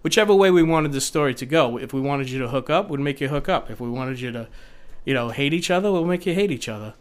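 A man's voice: mid-range voice, quick pace, clean tone. Rambling male storyteller acting out quotes. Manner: rambling, animated storyteller who acts out quotes. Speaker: TV producer guest. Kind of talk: casual podcast storytelling.

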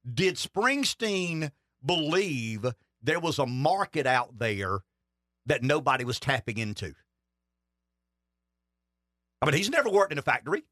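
Guy on a politics talk show, swings his pitch all over, rambles and leans on words. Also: sing-song, measured pace, long pauses, fairly bright tone, dry recording, studio quality. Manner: folksy, emphatic, rambling asides.

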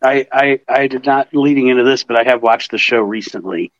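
A man's voice: medium pitch, fairly quick, dry recording, dull audio. A man co-hosting a podcast, mostly giving short agreeing replies in casual chat. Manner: agreeable, brief backchannel replies. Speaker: podcast co-host.

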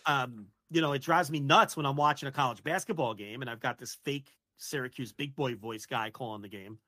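A man co-hosting a wrestling podcast, opinionated and quick to rant, swearing casually. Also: medium pitch, sharp tone, no room sound. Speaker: podcast co-host.

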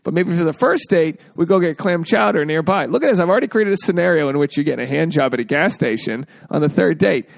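A man's voice: fairly high pitch, animated, fast talker, creaky, few pauses, no room sound. A man hosting a casual podcast, joking freely and acting out quotes in exaggerated voices. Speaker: podcast host.

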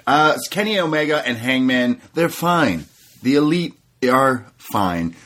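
A man co-hosting a casual podcast, relaxed as he recaps matches and laughs along. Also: mid-range voice, measured pace. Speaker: co-host, wrestling reviewer.

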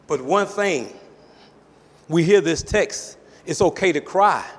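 A male pastor preaching a sermon with emphatic call-outs, his voice sometimes rising to a shout. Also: a little high, animated, slow, slightly rough, in a large hall.

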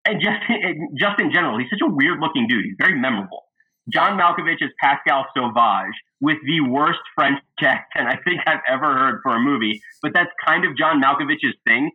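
An excitable man talks through favorite comedy scenes in a casual podcast chat. His voice comes through narrow and phone-like. He keeps cracking himself up as he retells each gag. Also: medium pitch, husky. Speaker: podcast host. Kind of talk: casual movie review chat. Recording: thin phone-like sound.

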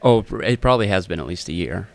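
A man co-hosting a casual theology podcast, talking in a relaxed, rambling way over a phone line. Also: sits low, fast, creaky, a little hiss or hum. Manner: relaxed, rambling, self-correcting. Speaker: podcast co-host. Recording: dry phone-line recording.

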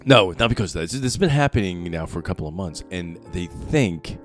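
A low-voiced man rambles through casual podcast chat, swearing freely and laughing often. His pitch roams widely. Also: animated, brisk, over music. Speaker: podcast co-host.

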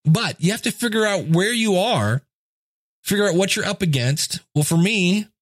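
A man's voice: sits high, expressive, moderate pace, no echo, studio quality. Man in his fifties, chatty storyteller. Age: 50s. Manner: storytelling, acts out quoted voices. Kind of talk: casual motivational monologue.

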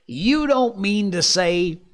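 A man doing a gruff folksy dog musher. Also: high voice, expressive, slow pace, pitched above the performer's own voice. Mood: alarmed. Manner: rough backwoods dialect, blunt.

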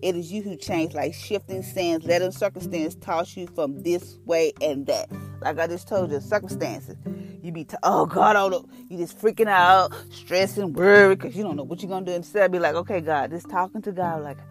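A woman with a low-pitched voice hosts a devotional podcast, talking through it in a loose, earnest, conversational way at a normal speed. Her speech is full of everyday phrasing and fillers, with clear instrumental music playing underneath.

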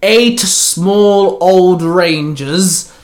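A man voicing a slow, loud, mocking villainous conqueror in a storybook reading. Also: sits high, pitched above the performer's own voice. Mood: gloating. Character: gloating villainous sky-floating conqueror, male adult.

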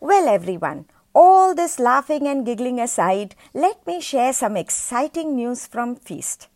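High-voiced woman, podcast storyteller, casual and chatty. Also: sing-song, unhurried, darkish tone. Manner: chatty, stumbles and repeats words.

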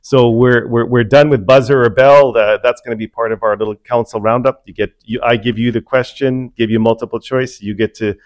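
A man's voice: mid-range voice, steady tone, a little fast, hardly any pauses, no echo. A man hosting a local politics podcast, chatting casually and running a playful mock game show, laughing and restarting often. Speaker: podcast host running a council recap.

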